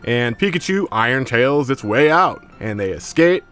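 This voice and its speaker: A man's voice: medium pitch, expressive, normal speed, a bit bright, clean tone, soft background music. A man giving a casual, slangy episode recap as an anime reviewer, with profanity and lots of fillers.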